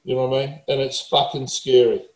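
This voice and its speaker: A man's voice: mid-range voice, little pitch movement, brisk, a little mellow, faint music behind. Swearing New man, roomy sound. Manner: blunt, swears heavily, emphatic. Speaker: motivational speaker. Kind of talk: casual talk.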